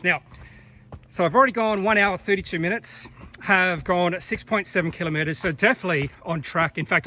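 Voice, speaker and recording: A man vlogs as he hikes a rainforest trail outdoors, chatting casually and rambling with plenty of fillers and self-corrections. His voice is on the high side, pushed and bright.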